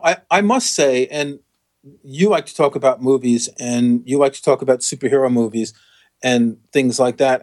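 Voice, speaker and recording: A man's voice: medium pitch, a little mellow. A man co-hosting a casual chat, explaining facts patiently with wry humor. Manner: explanatory, with fillers and restarts, wry. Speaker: co-host.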